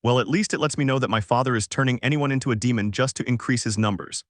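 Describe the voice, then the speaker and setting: A man voicing a calm, cold young male demon prince in a flat reading voice on a close, dry mic. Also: medium pitch, fast, dry recording, lightly acted.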